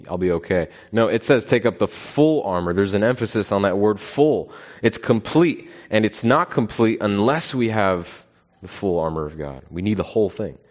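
Low-voiced earnest preacher man. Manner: earnest, measured preaching with many fillers. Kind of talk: sermon. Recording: dull, lo-fi sound.

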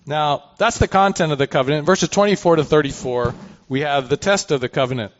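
A man's voice: fairly high pitch, fairly quick. Man teaching scripture, dull lo-fi sound. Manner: conversational, reads scripture aloud then comments with asides. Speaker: Bible teacher. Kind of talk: expository Bible teaching. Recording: dull lo-fi recording.

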